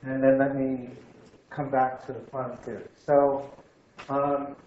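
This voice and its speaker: Male lecturer, halting and repetitive, dull and roomy recording. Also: medium pitch, level tone, slight background noise. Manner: halting, repeats words, thinks aloud. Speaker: physics lecturer. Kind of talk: university lecture. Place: lecture room. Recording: echoey room, slightly dull sound.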